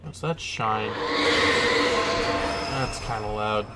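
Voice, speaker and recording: A man hosting a let's play, giving casual gameplay commentary and breaking into excitable, swearing, panicked outbursts. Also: fairly low pitch, slow pace, heavy background noise.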